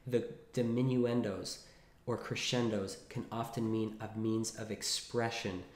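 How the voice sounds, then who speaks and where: A man's voice: fairly low pitch, flat delivery, unhurried. A man giving a casual piano lesson, talking things through with restarts and demonstrating as he goes. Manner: chatty, thinks aloud with restarts, sings phrases between words. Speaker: piano teacher. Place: room with a piano. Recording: roomy echo with piano. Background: piano played between phrases.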